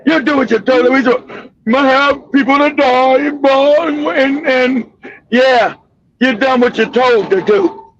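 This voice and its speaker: A male host rants through political commentary with angry, profane, shouted outbursts. His voice is very high and husky. The audio is dull and lo-fi. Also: slow pace.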